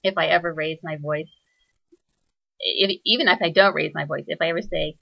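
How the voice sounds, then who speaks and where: A woman hosting a reflective spoken monologue, soft-spoken and searching, pausing often with fillers as she thinks aloud. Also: fairly low pitch, fairly even intonation, vocal fry, dry recording, dull audio. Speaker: spiritual teacher.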